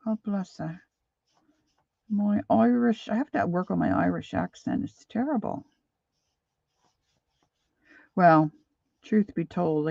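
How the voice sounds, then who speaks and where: An older woman who teaches painting chats casually during a live painting stream, rambling and reading viewer comments aloud. Her voice is lowish, gravelly, and dark. There's no room sound, and the highs are cut off.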